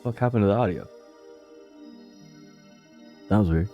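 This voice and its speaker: A man's voice: lowish voice, measured pace, muffled recording, soft background music. A man streaming live, reacting to clips in loose, profane, casual chat and chuckling often.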